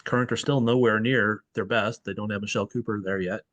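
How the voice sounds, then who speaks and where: A man's voice: lowish voice, fairly even intonation, brisk, a bit bright, no room sound. A man hosting a soccer podcast in casual chat, thinking aloud and correcting himself as he goes. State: tired. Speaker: podcast host.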